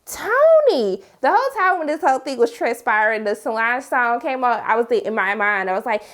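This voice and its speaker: Animated woman recapping a reality show. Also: on the high side, fairly quick. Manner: animated, acts out quotes in exaggerated voices. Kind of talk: casual TV recap commentary.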